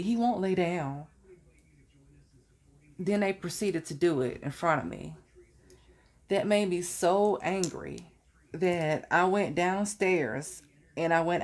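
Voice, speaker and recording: Young woman vlogging about college, slow easygoing talk, kinda low voice. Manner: slow, relaxed, chatty, laughs at own story. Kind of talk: casual storytelling.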